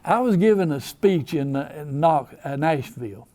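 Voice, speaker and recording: A man's voice: on the high side, animated, normal speed, mellow. An older man with an Appalachian accent, telling rambling, folksy stories in casual talk. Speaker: storyteller. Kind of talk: casual storytelling.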